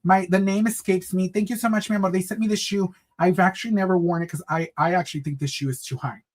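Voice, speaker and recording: A man's voice: sits high, steady tone, quick pace. A man hosting a casual livestream, chatting with viewers in a sassy, campy way, calling them honey and girl and slipping into Spanish phrases. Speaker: livestream host.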